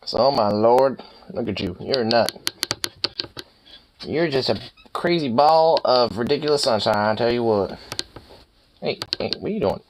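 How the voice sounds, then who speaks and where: A man's voice: mid-range voice, expressive, normal speed, pauses often, background noise. A young man at home chatting to his dog while brushing it, teasing and playful with crude swearing. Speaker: dog owner vlogger.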